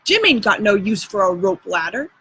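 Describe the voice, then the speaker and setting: A woman's voice: medium pitch, big pitch swings, normal speed, bright, forceful tone, a little hiss or hum, voice pushed down. A woman reading aloud and voicing a practical, doubtful boy who asks blunt questions in folksy dialect.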